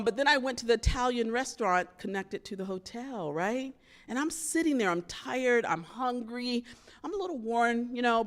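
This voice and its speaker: Woman, animated storytelling, big swings in pitch, live theater audience. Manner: animated, acts out quoted voices. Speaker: visiting poet. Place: university theater.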